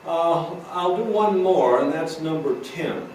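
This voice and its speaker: Guy explaining drum patterns, counting beats out slowly, far off mic in a super echoey room. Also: fairly high pitch. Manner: patient, explanatory, counting out rhythms. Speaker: drum teacher. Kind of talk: recorded teaching session. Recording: roomy echo, distant mic, noisy.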